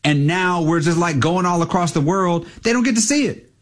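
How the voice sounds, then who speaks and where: A man's voice: sits high, lively intonation, normal speed. Rambling, jokey male radio co-host. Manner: rambling, filler-heavy, jokey. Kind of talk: casual banter. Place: radio studio.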